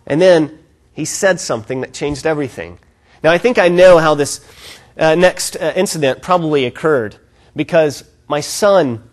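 A young adult man, a pastor, preaching a sermon and retelling the story with acted-out quotes. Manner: storytelling, acts out quotes with varied pitch.

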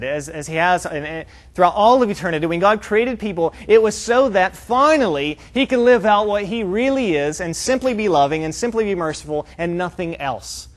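Man, preacher, sermon, earnest, emphatic, rhetorical questions. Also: on the high side. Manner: earnest, explanatory teaching tone.

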